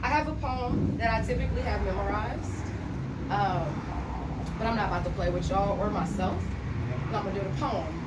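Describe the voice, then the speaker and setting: A woman's voice: medium pitch, moderate pace, heavy background noise. A woman from Cleveland, performing spoken-word poetry live in an art gallery with a rhythmic, playful refrain. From Cleveland, Ohio. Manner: rhythmic, playful call-and-response delivery with a repeated refrain. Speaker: poet. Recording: echoey gallery room from a distance.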